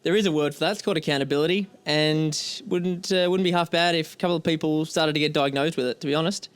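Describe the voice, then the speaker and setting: Quick-talking Australian male host, fairly high voice, dry close sound, wry. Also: fairly even intonation, smooth, no echo. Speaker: channel host and drummer. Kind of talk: casual chat.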